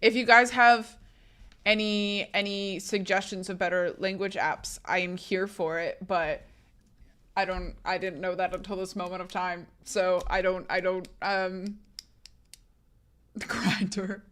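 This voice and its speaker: A woman's voice: fairly low pitch, steady tone, unhurried, fairly bright tone, smooth. A young woman streamer chatting casually with her live chat, reading comments aloud and rambling with many restarts.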